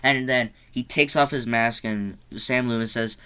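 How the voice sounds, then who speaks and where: A man reviewing a horror sequel in a casual vlog, talking bluntly and rambling, his pitch climbing when he gets exasperated. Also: steady tone, a little slow, pushed and bright, smooth. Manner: loose, rambling delivery with restarts. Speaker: movie reviewer.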